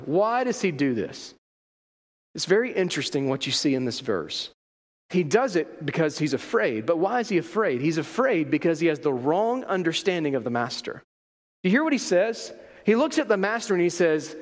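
A man's voice: a little high, very animated, moderate pace, long reverb tail. A man delivering a sermon as a pastor, emphatic and full of rhetorical questions.

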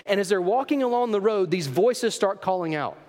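A man's voice: high voice, lively intonation, fairly quick, darkish tone. A male pastor preaching a sermon, asking rhetorical questions and repeating key phrases for emphasis. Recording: long reverb of a large hall.

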